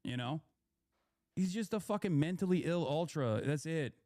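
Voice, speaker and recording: A man's voice: a little high, animated, normal speed, mellow, no room sound, clean studio sound. Heated, profane young man ranting. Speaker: political commentator. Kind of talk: profane streaming rant.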